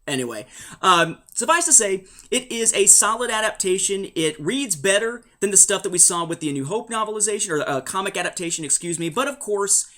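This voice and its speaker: A man's voice: high-pitched, lively intonation, brisk, pushed and bright. Rambling man with wry asides. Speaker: host of a book and comic review show. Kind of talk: casual spoken review.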